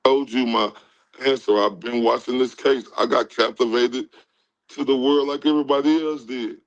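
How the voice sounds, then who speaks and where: Man, livestream host, from Texas, mocking, addresses chat, loud bursts and low asides. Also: fairly even intonation, normal speed, muffled recording. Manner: mocking, talks straight to his chat. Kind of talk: livestream commentary on a replayed call.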